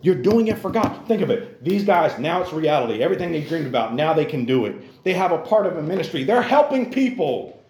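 A man's voice: on the high side, big pitch swings, brisk, darkish tone. Earnest male preacher in a roomy church. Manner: earnest and repetitive, keeps calling out to the listeners. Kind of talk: sermon to young people. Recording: roomy echo.

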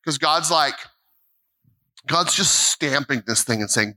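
A man's voice: a little high, animated, takes it slowly, long pauses, pushed and bright, poor audio. A middle-aged American man preaching a sermon in a church, telling a story animatedly, with stammered restarts, repeated phrases and quoted dialogue. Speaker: pastor. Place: church sanctuary.

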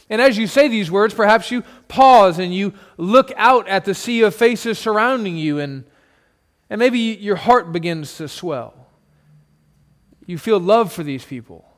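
A pastor preaching a sermon, retelling a scene in vivid second person with dramatic pauses. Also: male voice, sits high, lively intonation.

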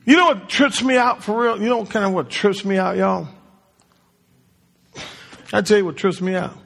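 A man's voice: sits high, moderate pace, gravelly, a bit bright. A man preaching a sermon to his congregation in call-and-response style, quizzing them as he speaks. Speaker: pastor. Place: church sanctuary. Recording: long hall reverb.

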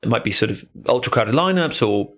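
Animated English man telling stories. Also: medium pitch, brisk. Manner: animated storyteller, swears freely, jokey. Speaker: podcast co-host. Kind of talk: casual chat.

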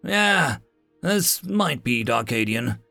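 A man's voice: mid-range voice, big pitch swings, slow, vocal fry, bright, forceful tone, dry recording, faint music behind, full character voice. A man voicing a nervous little blue lizard alien scholar who gets defensive and fussy, talking in an audiobook-style story.

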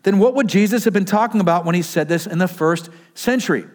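Preaching in a pastor's role, this man talks fast in a high-pitched, slightly mellow voice. His sermon is conversational: he poses questions to the congregation and answers them himself. A mask he's wearing muffles his voice.

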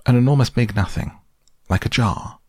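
A timid little piglet, as a man puts him on, anxious and jittery. The voice is pushed up high and nervous, yet a husky grain stays underneath. It sounds close and dry. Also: moderate pace, darkish tone, no echo, lightly acted. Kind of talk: storybook reading.

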